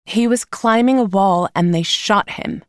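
A woman's voice: medium pitch, unhurried, smooth, no room sound, clean studio sound, natural voice. A woman reading aloud, voicing a blunt, defiant teenage girl.

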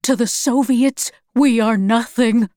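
A woman reading aloud, voicing a grim, weary gray-haired old man who speaks gravely. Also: fairly high pitch, slow pace, dark tone, no echo, clean studio sound.

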